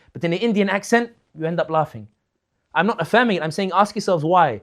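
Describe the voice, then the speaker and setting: Fervent, rhetorical man with a higher voice. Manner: fervent, rhetorical, builds with repeated questions. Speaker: political commentator. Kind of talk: impassioned talk.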